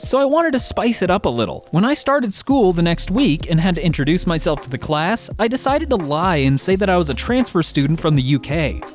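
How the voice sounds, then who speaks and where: A narrator reading online confession posts and comments aloud, with casual asides and quick laughs between readings. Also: mid-range voice.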